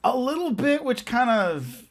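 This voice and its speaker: A man's voice: very high voice, sing-song, measured pace. A man chatting casually about a film on a podcast, hedging and agreeing easily. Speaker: podcast co-host. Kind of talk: casual film review chat.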